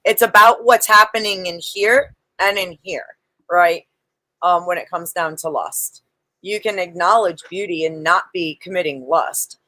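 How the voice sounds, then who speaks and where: A woman's voice: lowish voice, a little slow, sharp tone, no echo, low-quality recording. A woman on a livestream panel, arguing religion firmly, quoting scripture and swearing now and then. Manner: firm, quotes scripture, swears. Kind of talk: casual religious debate on a livestream.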